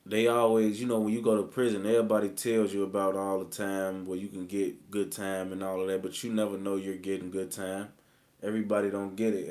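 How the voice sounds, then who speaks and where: A man's voice: low voice, a little mellow. A man, telling his own story in rambling, slang-heavy street talk full of fillers. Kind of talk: casual storytelling.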